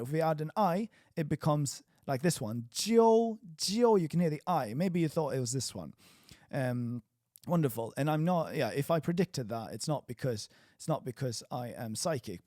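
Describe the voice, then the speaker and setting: Brief: male language tutor, upbeat, very lively pitch, dry close sound, drills sounds up high. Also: dry recording. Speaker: Chinese teacher. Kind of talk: recorded online pronunciation lesson.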